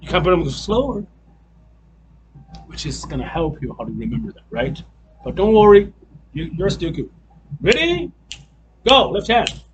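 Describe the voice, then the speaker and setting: A man's voice: on the high side, very animated, moderate pace, pauses often, darkish tone, slight background noise, poor audio. A man teaching a group piano class, counting in and chanting the beats aloud between loose, restarting explanations.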